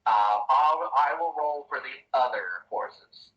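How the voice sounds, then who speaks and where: A man's voice: medium pitch, takes it slowly, roomy sound, far from the mic, muffled recording. A man acting as dungeon master in an online tabletop game, tracking bets and dice rolls aloud with casual asides.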